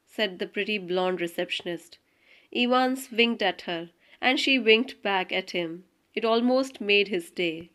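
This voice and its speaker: A woman's voice: mid-range voice, fairly bright tone. Woman reading an audiobook steadily. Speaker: audiobook narrator. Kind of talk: scripted narration.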